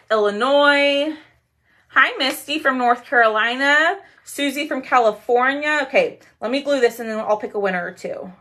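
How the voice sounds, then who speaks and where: A woman's voice: mid-range voice, bright, forceful tone, slight background noise. A woman in her thirties from Texas with a twang, hosting a chatty craft livestream and greeting viewers as she reads their comments. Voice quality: laughs often.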